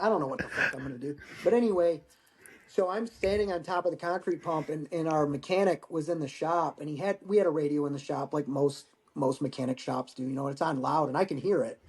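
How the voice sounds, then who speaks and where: Middle-aged man, fairly high voice, profane storyteller on a remote call. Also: steady tone, a little fast. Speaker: guest, Marine veteran. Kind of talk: casual storytelling interview.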